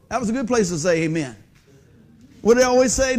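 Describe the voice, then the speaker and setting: Lively high-voiced preacher man. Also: fast talker. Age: 50s. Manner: animated, folksy, asks the crowd questions. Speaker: pastor. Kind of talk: sermon. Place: church sanctuary under stage lights.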